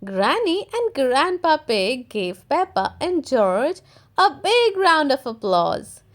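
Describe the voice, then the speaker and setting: A woman reading a children's picture book aloud, slowly and expressively for young listeners. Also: sits high, sing-song. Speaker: storyteller. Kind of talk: children's story read-aloud.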